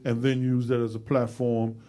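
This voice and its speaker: A man's voice: medium pitch, little pitch movement, normal speed, mellow. A man hosting a live talk show, chatting casually and joking, with loose conversational phrasing. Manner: joking and playful, breaks into laughter.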